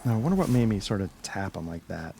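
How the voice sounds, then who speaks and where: A man's voice: lowish voice, very animated, fast talker, creaky, dark tone, slight background noise. A man giving casual gameplay commentary, thinking aloud and trailing off as he plays. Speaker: let's play gamer.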